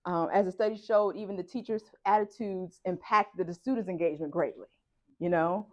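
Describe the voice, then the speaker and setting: A woman's voice: fairly low pitch, a little fast, muffled recording. A woman presenter sharing a personal story at a conference session, acting out the dialogue as she goes. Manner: animated storytelling, acts out dialogue.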